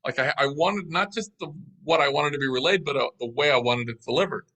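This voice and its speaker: Animated storytelling man, bright voice. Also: on the high side, fast, poor audio. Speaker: guest. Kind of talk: storytelling in an interview.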